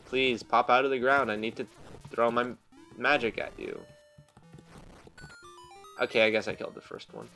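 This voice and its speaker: Bright-voiced joking young gamer man. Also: medium pitch, steady tone, normal speed, pauses often, soft background music. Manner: joking, self-deprecating, laughs often. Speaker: gaming channel host. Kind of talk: casual let's play commentary. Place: home room.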